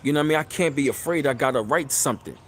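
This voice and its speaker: A man hosting a casual live stream, talking loosely and repeating filler phrases, getting louder and higher when excited. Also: rapid-fire, a little hiss or hum. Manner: loose, rambling, repeats phrases like "you know what I'm saying". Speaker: channel host.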